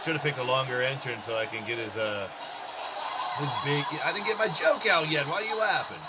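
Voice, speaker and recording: A man doing joking, excitable solo play-by-play for a wrestling game show he hosts. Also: fairly quick, very noisy. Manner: excitable, joking, shouts and jumps in pitch at big moments. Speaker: wrestling commentator and show host.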